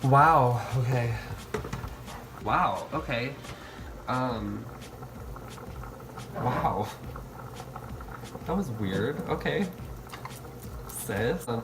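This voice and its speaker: Very slow and full of pauses yet animated, a man with a mid-range voice vlogs casually as he cooks in his home kitchen, with noise in the background. The YouTuber is campy and playful, calling viewers "sis" and "honey."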